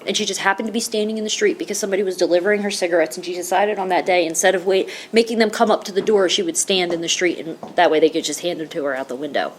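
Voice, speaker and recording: A woman's voice: on the low side, fairly even intonation, very fast, few pauses, slight background noise. Heartfelt rambling woman. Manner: heartfelt, rambling with many restarts and "you know". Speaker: recovery meeting speaker. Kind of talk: personal recovery story.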